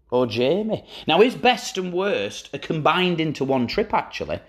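A man hosting a podcast, telling football stories in a wry, casual way and swearing freely. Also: on the high side. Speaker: podcast host. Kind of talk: casual storytelling chat.

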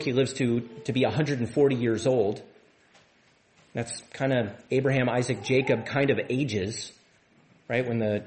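A man's voice: mid-range voice, darkish tone. Man preaching a conversational sermon. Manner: conversational, repeats words and restarts often. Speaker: pastor. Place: church.

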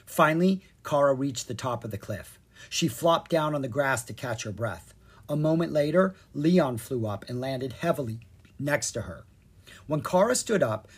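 A narrator reading a children's fairy-tale chapter book with expressive, animated storytelling. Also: medium pitch, slightly rough. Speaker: audiobook narrator.

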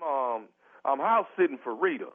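A man's voice: mid-range voice, sing-song, normal speed. A man playing a sheepish house sitter stuck without toilet paper in a prank call, stammering and hesitant. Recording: tinny phone line.

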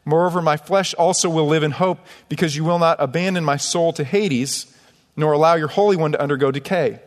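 A man's voice: fairly high pitch, brisk. A man preaching a sermon as pastor, emphatic, reading scripture aloud between his own points. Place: church sanctuary. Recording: long church hall reverb.

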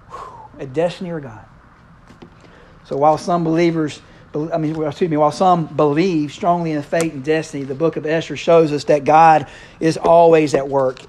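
A man's voice: fairly high pitch, a little mellow. A man preaching a casual, conversational sermon, playfully acting out the characters' lines. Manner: playful, acts out characters' lines in quick voices.

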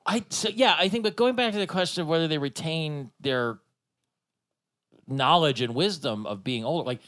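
A man's voice: on the high side, normal speed, fairly bright tone. A man hosting a podcast, talking in a loose, rambling way and laughing often. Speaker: podcast host. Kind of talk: casual chat.

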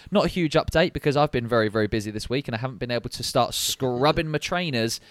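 A man's voice: medium pitch, fast talker. A man co-hosting a podcast, chatting casually and rambling a little with fillers. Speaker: podcast co-host. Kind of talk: casual chat.

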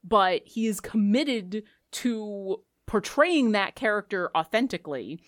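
Woman, casual chat, chatty, animated, game master, dry close sound. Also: medium pitch, no room sound. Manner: chatty, animated, quick asides. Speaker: podcast co-host, game master.

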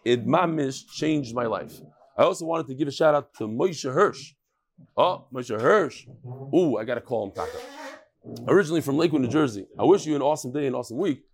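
A rabbi teaching a casual daily Talmud lesson, hoarse from a cold, chatting with quick asides to the people in the room. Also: male voice, mid-range voice, lively intonation.

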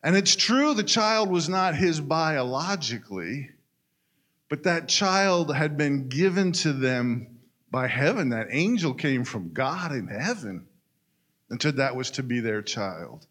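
A man's voice: a little high, animated, slow, a bit bright. A man telling a story in a folksy, conversational way, talking straight to his listeners. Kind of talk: storytelling in a casual retelling.

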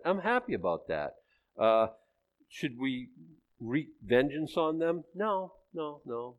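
Fast-talking, conversational male preacher. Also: a little high, sing-song. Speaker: pastor. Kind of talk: sermon.

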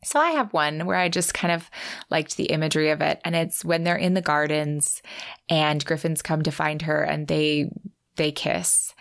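A young woman co-hosts a relaxed book podcast, sounding eager as she reads favorite passages aloud. Her voice sits low and carries a gravelly fry. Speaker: podcast co-host. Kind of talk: casual book discussion.

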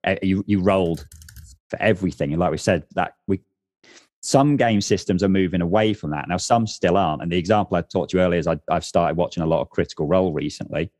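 A man's voice: low-pitched, fast, no echo, studio quality. A man chatting casually about tabletop games, rambling and correcting himself as he goes. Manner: rambling, self-correcting, animated.

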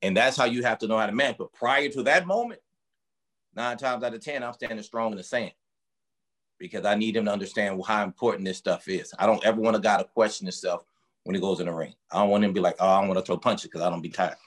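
A man's voice: fairly low pitch, fast, fairly bright tone. A man who coaches boxers, talking casually in an interview and explaining his work through emphatic, vivid analogies. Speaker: strength and conditioning coach for boxers.

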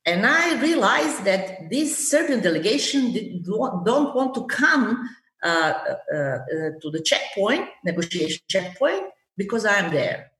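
Older woman telling a story, halting. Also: medium pitch, far from the mic. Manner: halting, many fillers, lively when recounting anger. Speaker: interviewee, former government negotiator. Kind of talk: storytelling in an interview. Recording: roomy echo.

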